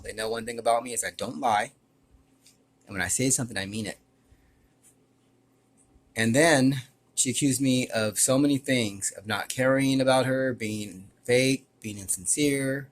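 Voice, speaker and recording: A man's voice: medium pitch, a bit bright. Aggrieved man rambling through a story. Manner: rambling, with repeated restarts; earnest, aggrieved. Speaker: YouTuber. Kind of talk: personal storytelling to camera.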